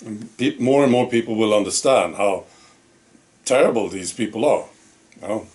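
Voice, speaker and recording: A man's voice: lowish voice, normal speed, darkish tone. A man giving a casual monologue to camera as a video commentator, often tagging his statements with rhetorical questions.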